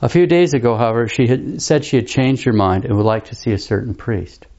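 A man's voice: medium pitch, a little fast, darkish tone, lo-fi sound, natural voice. A man reading as a courteous prison governor. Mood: grave. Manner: formal, polite. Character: courteous male prison governor, formal and grave.

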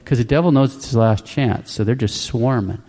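A man giving a calm, plain-spoken religious teaching, repeating key points for emphasis. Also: mid-range voice, normal speed, long reverb tail. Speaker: Catholic preacher. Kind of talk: instructional religious talk.

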